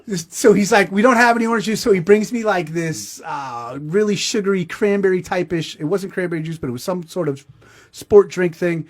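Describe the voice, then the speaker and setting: A middle-aged man spins a long comic story, crude and self-deprecating, his voice pitched a touch high for a man. He talks loosely and colloquially, swearing freely as he acts out each moment. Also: normal speed, darkish tone. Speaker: host. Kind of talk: comedic storytelling.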